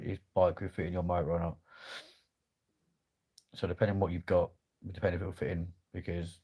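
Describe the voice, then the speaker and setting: A man's voice: low voice, a little mellow, breathy edge. A man chatting casually on a livestream, swearing freely in laddish banter. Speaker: livestream host.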